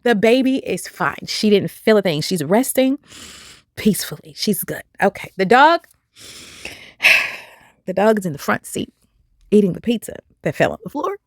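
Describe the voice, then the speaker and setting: A woman, telling a personal story to camera in an animated, expressive way. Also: mid-range voice, normal speed, no room sound, studio quality. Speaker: vlogger.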